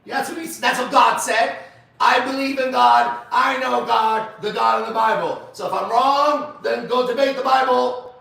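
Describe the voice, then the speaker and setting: High-voiced guy preaching slow and blunt, lots of repeats, echoey room far from the mic. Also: steady tone, creaky, pushed and bright. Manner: emphatic, blunt, repeats phrases for stress. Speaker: preacher leading a men's group. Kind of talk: sermon-style teaching.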